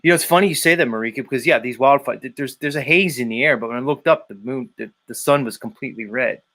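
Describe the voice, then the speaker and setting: Man, livestream host, rambling, teasing, casual chat, mid-pitched voice. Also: fast, fairly bright tone. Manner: rambling, teasing viewers by name. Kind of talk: casual live-stream chat.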